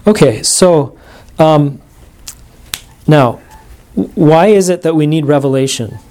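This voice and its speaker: Speaking slowly in a fairly high, dark-toned voice, this man teaches a religion class to a small group. He works through his ideas out loud, with many restarts and side remarks.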